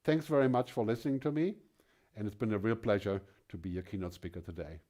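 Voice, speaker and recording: Low, mellow-voiced male keynote speaker. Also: fast talker. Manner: emphatic, rhetorical questions, frequent tag "right?". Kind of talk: conference keynote speech.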